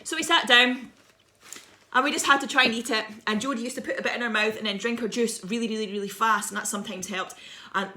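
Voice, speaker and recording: A woman's voice: fairly high pitch, fairly even intonation, fast talker, sharp tone. A woman in her thirties, a visiting children's author, telling a playful, dramatic story to schoolchildren over a video message.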